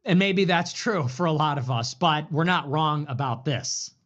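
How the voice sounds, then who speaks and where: A man in a rambling, profane political rant, sarcastic and trailing off into low asides, from a replayed video. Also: animated, moderate pace, fairly bright tone, highs cut off. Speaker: political commentator. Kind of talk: rambling ranting commentary.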